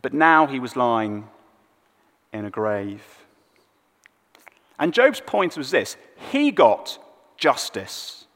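A male preacher delivers a sermon with a lively, rising and falling pitch, telling the story expressively and going quiet at sad points. His voice carries a long reverb from a large church hall. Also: slow, pauses often. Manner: expressive storytelling, dropping soft on sad moments.

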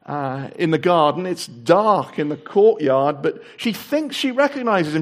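A man preaching a sermon, acting out the voices in the story and dropping to a hushed, low voice for solemn points. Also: animated, moderate pace, few pauses. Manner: dramatic, acts out the voices in the story.

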